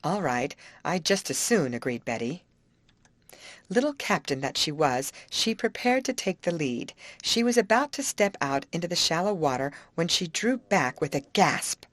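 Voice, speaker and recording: A woman narrating an old adventure novel aloud in an expressive storytelling manner. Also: lowish voice, moderate pace, no echo. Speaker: audiobook reader. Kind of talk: scripted narration.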